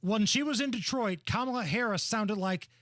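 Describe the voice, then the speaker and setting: A man's voice: sits high, moderate pace, a bit bright, no echo, studio quality. A man hosting a talk radio show, brash, mocking and blunt. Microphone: studio microphone.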